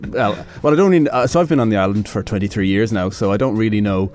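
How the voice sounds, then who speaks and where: A man's voice: lowish voice, fast talker, darkish tone, slight background noise. A man with a mild Irish accent, an actor guest chatting loosely on radio with lots of self-deprecating asides. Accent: Irish, softened after years in England's neighbour isle. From Ireland. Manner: rambling, self-deprecating, laughs often. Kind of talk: casual interview chat.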